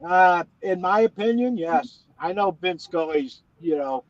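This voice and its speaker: A middle-aged man from West Virginia chats casually as a guest, rambling through folksy stories with plenty of false starts. His voice sits fairly high for a man. The audio is dull and dry, like a lo-fi call. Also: animated, measured pace, no echo. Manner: rambling folksy storyteller, many restarts. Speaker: guest, former ballplayer. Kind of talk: casual interview chat.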